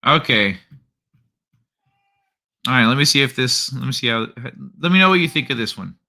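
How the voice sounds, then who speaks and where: Bright-voiced man rambling on a livestream. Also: mid-range voice, animated, moderate pace, creaky. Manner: rambling, thinks aloud, frequent restarts. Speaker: livestream host. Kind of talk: casual chat reading viewer comments.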